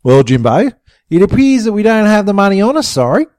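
A man's voice: high-pitched, big pitch swings, fairly quick, a little mellow, dry recording, studio quality, voice pushed up. A man voicing a cheeky, battered young bogan man who explains a scheme.

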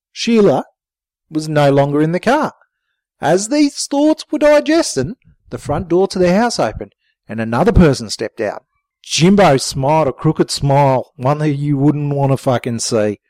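An animated man narrates a comic story and swears casually. His voice is fairly high and swings widely in pitch. The sound is close and dry. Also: no echo, poor audio.

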